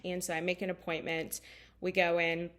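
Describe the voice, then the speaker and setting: A woman's voice: fairly low pitch, level tone, normal speed, a bit bright. Candid, emotional woman telling a story. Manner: candid and emotional, with many fillers. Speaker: life coach. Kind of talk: personal storytelling talk.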